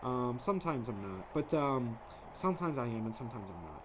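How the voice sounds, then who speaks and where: A man's voice: mid-range voice, lively intonation, a little fast, a little hiss or hum. Rambling, playful man chatting while drawing. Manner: rambling, playful, sings silly made-up ditties. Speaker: artist streaming his drawing. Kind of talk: casual livestream chat while drawing. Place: home studio at a drawing desk.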